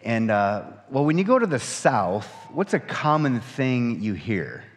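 A man, a pastor, reading scripture and then preaching in a conversational, animated way with folksy asides. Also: mid-range voice, measured pace. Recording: church hall reverb.

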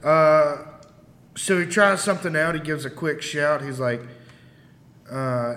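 A man's voice: a little high, measured pace, long pauses, fairly bright tone. A man playing a tabletop game, hesitant and full of ums. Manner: hesitant, drawn out, with many ums. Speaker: player. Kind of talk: casual tabletop play. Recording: echoey room with long reverb, faint noise.

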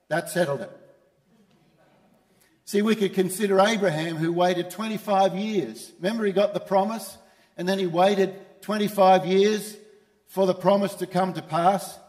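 High-pitched guy preaching in a church, repeats his main line a lot, echoey hall. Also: a little mellow. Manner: emphatic, repeats key phrases. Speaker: pastor. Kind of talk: sermon.

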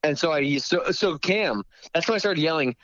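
A man casually telling a story, profane and animated, putting on voices for the people in it, heard over a speakerphone. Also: fairly high pitch, moderate pace, heavy background noise. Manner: profane, animated, acts out voices in his stories. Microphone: phone on speakerphone. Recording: dull speakerphone sound.

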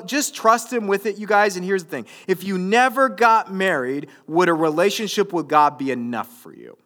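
A male pastor in his thirties preaching a conversational, jokey sermon that builds to loud, emphatic stretches. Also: sits high, normal speed, hardly any pauses. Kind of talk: sermon to a young adult group.

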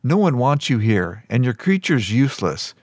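A man reading aloud plays a spiteful teenage bully in an audiobook, sneering and full of threats. The voice sits in a middle pitch and is recorded close and dry. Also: very animated, normal speed, a little mellow, no room sound.

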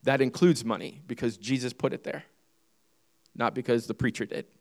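This male pastor's sermon comes in a slightly mellow, mid-range voice at a moderate pace. He reads scripture and hammers his points with repeated key phrases and emphatic questions to the congregation.

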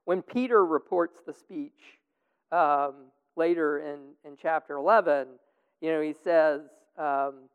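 A man's voice: fairly high pitch, slow pace, clean tone. A man leading a group Bible study discussion in a casual, rambling way with many fillers, heard over a tinny, echoing line. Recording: tinny phone-like line with long reverb.

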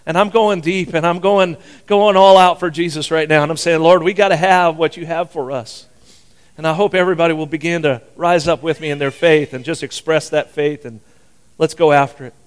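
A man's voice: a little high, steady tone, a little fast, clear, resonant tone. An older man preaching a sermon as pastor, folksy and rambling, chuckling often as he talks.

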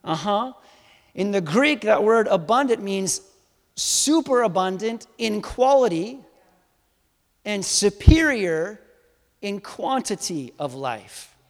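A man preaching a sermon to a live congregation, animated and swinging from soft to loud, teasing and quizzing his listeners. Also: sits high, slow. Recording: long hall reverb.

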